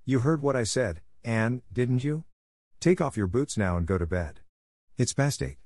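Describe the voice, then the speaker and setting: A man's voice: mid-range voice, lively intonation, normal speed, a little mellow, no room sound, studio quality, voice pushed up. A man voicing a stern older spinster who answers curtly and sarcastically. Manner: curt, sarcastic and scolding.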